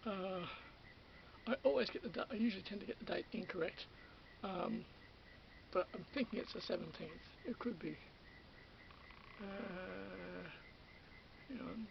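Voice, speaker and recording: Gravelly Australian man, rambling indignant monologue. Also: sits high, measured pace, long pauses, lo-fi sound, noisy background. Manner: rambling, repetitive restarts, indignant. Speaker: channel host.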